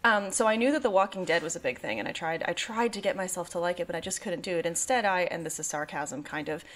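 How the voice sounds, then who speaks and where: Young woman podcast co-host with a slightly low voice, sarcastic and long-winded. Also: fast talker, fairly bright tone. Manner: talkative, wry and sarcastic, rambling on side thoughts. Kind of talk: casual podcast chat.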